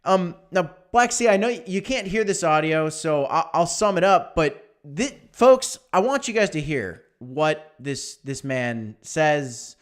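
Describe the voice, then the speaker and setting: A man hosting a casual livestream, talking in an animated, emphatic way that repeats phrases. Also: on the high side, a little slow, hardly any pauses. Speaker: livestream host.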